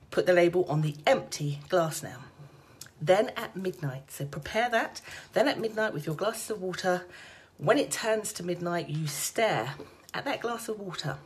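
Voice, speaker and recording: A woman's voice: lowish voice, breathy edge. A woman, a psychic card reader, chatting on a casual live stream from home, laughing often and talking straight to her viewers.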